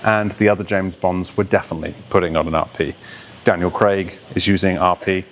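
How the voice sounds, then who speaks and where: Male voice coach, lowish voice, instructive delivery with brief accent imitations. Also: steady tone, brisk, a little hiss or hum. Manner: instructive, illustrates points by mimicking accents. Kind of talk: explaining voice and accent to camera.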